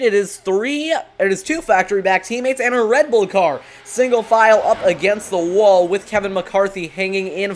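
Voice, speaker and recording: A lead commentator calling an online sim race play-by-play, briskly reeling off drivers, positions and track corners. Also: medium pitch, a little hiss or hum.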